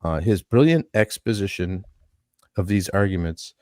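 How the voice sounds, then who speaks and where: A man's voice: sits low, lively intonation, normal speed, darkish tone, no room sound, studio quality. A man hosting a live-stream talk show, reading a statement aloud in an earnest way and adding his own asides. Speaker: podcast host.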